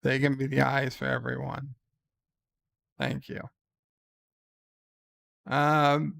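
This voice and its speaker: A man's voice: mid-range voice, little pitch movement, takes it slowly, vocal fry, pauses often, fairly bright tone, no echo, studio quality. A middle-aged man hosting a livestream, reading viewer letters and chatting in a wry, rambling way that stammers on restarts. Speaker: livestream host. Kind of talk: casual stream chat, reading viewer letters.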